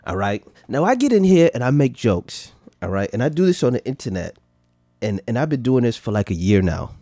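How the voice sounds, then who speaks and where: A man's voice: mid-range voice, warm tone, no echo, clean studio sound. Boastful laughing podcast host, a man. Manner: boastful, profane, laughs between lines. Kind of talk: casual reaction commentary.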